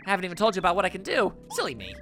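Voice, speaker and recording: A man voicing a spunky, quick-tempered young female bomb creature from a video game, pitching his voice up high. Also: wildly swooping pitch, fairly bright tone, faint music behind, exaggerated voice. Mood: eager.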